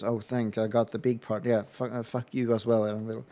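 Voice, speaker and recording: A man's voice: fairly low pitch, flat delivery, a little fast, hardly any pauses, warm tone. A man streaming a game playthrough, chatting casually, swearing freely and breaking into silly bird-like squeals.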